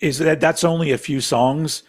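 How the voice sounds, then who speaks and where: A man's voice: fairly high pitch, fairly even intonation, normal speed. A man co-hosting a casual podcast, rambling off on tangents, swearing freely and laughing often as he talks. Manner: laughs often while talking. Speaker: podcast co-host.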